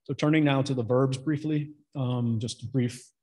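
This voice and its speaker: Husky-voiced man giving an academic talk. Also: medium pitch, steady tone, darkish tone, rough recording. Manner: measured and explanatory, pausing between points. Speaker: conference presenter. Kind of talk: academic conference presentation.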